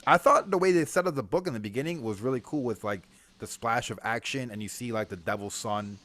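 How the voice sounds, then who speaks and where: A man's voice: medium pitch, brisk, fairly bright tone. A man co-hosting a casual comic book review chat, laid-back and slangy, laughing often.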